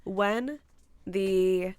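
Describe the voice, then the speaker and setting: Measured female tabletop player, smooth clear voice, dry close sound. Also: medium pitch, a little mellow, dry recording. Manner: careful and deliberate, laying out a plan step by step. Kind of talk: tabletop role-play.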